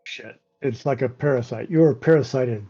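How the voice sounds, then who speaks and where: A man playing a tabletop game talks haltingly and stumbles over his words. His voice is warm and mellow. The recording has a dull lo-fi sound. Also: mid-range voice, breathy edge. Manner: hesitant, halting, full of ums. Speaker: player. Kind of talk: casual tabletop play.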